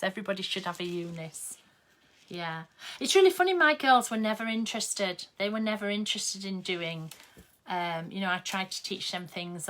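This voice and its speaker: A woman's voice: lowish voice, gravelly, fairly bright tone, slight background noise. An older woman, chatting casually and rambling while she sews on a live stream. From England. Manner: chatty, rambling, with many ums. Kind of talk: casual chat while sewing.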